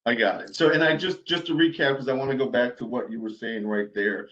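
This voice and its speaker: Lawyer type, male, measured and hedging, slightly muffled lo-fi recording. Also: mid-range voice, fairly even intonation, a bit bright. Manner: careful, hedging, restates and rephrases. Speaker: attorney cross-examining a witness. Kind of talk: legal questioning.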